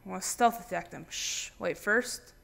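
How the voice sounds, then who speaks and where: A man hosting his own gaming channel, giving casual let's-play commentary with random, jokey, excitable banter. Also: high-pitched, moderate pace, vocal fry, heavy background noise.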